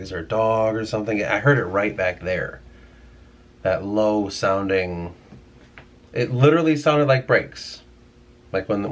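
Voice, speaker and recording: A young man musing casually to his camera at home, rambling and swearing often, trailing off mid-thought. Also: fairly low pitch. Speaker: vlogger. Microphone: camera mic.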